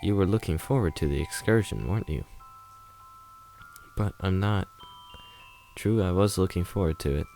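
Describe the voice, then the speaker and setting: A man reading a visual novel aloud as a gentle, warm-hearted young girl narrator, in a soft, earnest inner monologue. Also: sits low, animated, normal speed, gravelly, pauses often, faint music behind.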